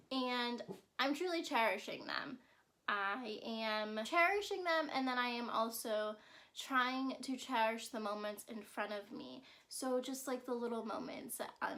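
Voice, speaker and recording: Bright-voiced chatty young woman. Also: fairly high pitch. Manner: chatty and earnest, frequent "right?" and "um". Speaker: self-care podcast host. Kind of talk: casual solo vlog talk.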